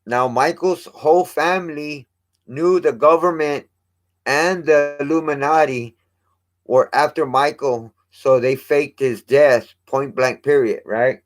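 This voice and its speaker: A man's voice: on the high side, takes it slowly. A man hosting a casual vlog, rambling and restarting his sentences and swearing casually as he talks. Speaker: vlog host.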